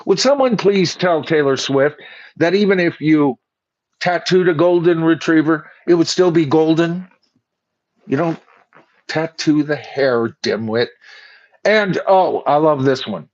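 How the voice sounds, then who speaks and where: A sarcastic older man delivers opinionated commentary at a slow, deliberate pace, his voice sitting a little high for a man. He mocks what he reads aloud. The recording sounds dull and lo-fi. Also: sing-song. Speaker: host.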